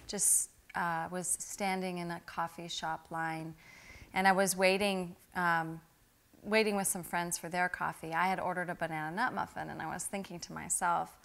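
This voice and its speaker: Earnest middle-aged woman, lowish voice. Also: moderate pace, vocal fry. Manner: earnest, spiritual, animated when telling stories. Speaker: interview guest. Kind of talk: reflective personal storytelling.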